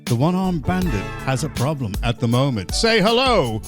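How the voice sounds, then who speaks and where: A man's voice: medium pitch, lively intonation, a little fast, music in the background. A man hosting a comic online pub chat, talking in a theatrical, jokey, mock-grand way. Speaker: podcast host.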